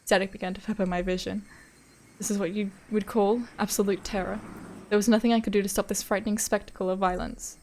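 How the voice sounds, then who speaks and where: A woman's voice: medium pitch, level tone, quick pace, darkish tone, a little hiss or hum. A young woman streamer reading a visual novel aloud, breaking off into chatty, swearing asides and frequent laughs.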